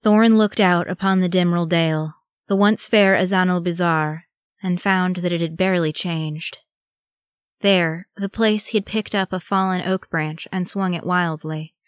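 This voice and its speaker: A woman reading a fantasy story aloud in a measured, solemn narration. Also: on the low side, steady tone, clear, resonant tone, no room sound, clean studio sound. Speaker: audiobook reader.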